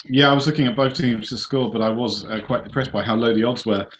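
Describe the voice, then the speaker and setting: A man's voice: medium pitch, steady tone, quick pace. A man giving betting tips over a call in a plain, matter-of-fact way. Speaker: tipster. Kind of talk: casual betting panel chat. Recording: dull call audio that cuts out.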